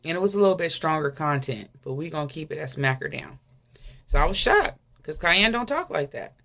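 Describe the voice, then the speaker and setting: A woman's voice: deep voice, big pitch swings, brisk, creaky, sharp tone. A woman preaching an impassioned, conversational sermon, full of rhetorical questions to the congregation.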